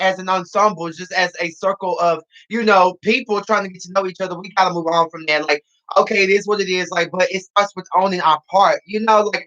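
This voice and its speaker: A man's voice: high voice, sharp tone, dull audio. Sassy man giving dramatic commentary. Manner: sassy, dramatic, repeats phrases for emphasis. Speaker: reality TV cast member reviewing his show. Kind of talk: casual podcast commentary.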